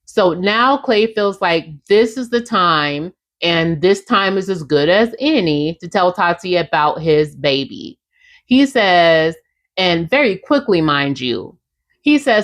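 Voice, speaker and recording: A woman's voice: fairly low pitch, animated, takes it slowly. A young adult woman hosting a casual podcast, recapping a reality show in a chatty, sassy way and speaking straight to her listeners. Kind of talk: casual recap, acting out quotes.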